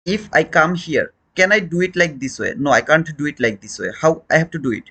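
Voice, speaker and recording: A man's voice: a little high, lively intonation, fairly quick, bright, forceful tone, husky. A man teaching a trading lesson on a live stream, questioning viewers and repeating his points in non-native English phrasing.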